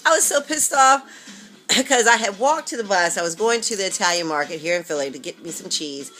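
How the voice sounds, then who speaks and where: A woman's voice: mid-range voice, expressive, a little fast, bright, forceful tone. A woman vlogging casually about her weight loss, chatty, sassy and candid, talking straight to her viewers.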